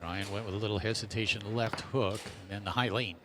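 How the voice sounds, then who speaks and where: Energetic male play-by-play caller. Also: fairly low pitch, background noise. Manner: rapid, energetic shot-by-shot calling. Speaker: play-by-play commentator. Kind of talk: live sports commentary.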